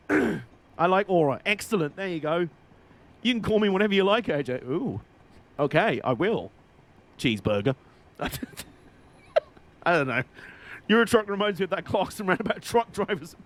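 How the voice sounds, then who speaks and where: A man with a fairly high voice talks through a live game stream. He rambles from one aside to the next in an easy, chatty way and laughs often. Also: expressive, moderate pace, long pauses. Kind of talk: casual live-stream commentary.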